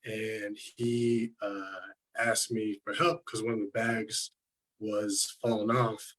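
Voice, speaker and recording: A man's voice: lowish voice, level tone, slow, fairly bright tone, rough recording. A man doing a stand-up set over a video call, rambling with lots of "like" and "um". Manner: rambling, filler-heavy, lots of "like" and "um". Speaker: stand-up comedian.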